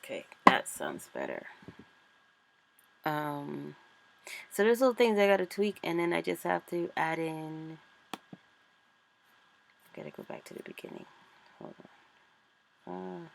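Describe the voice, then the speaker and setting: A woman's voice: low voice, wildly swooping pitch, unhurried, vocal fry, pauses often, slight background noise. A woman author chatting casually and thinking aloud as she walks through a screen-recorded tutorial. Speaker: author and vlogger.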